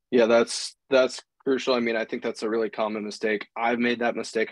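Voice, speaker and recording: A man's voice: fairly low pitch, dry recording. A man hosting a webinar in an easygoing, agreeable way, with many "like"s and "you know"s. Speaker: webinar host.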